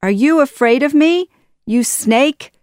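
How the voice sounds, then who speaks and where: A woman reading aloud, voicing a brave, quick-witted young man from the streets, defiant and raised in a storybook. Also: on the high side, a bit bright, no echo, studio quality, pitched above the performer's own voice.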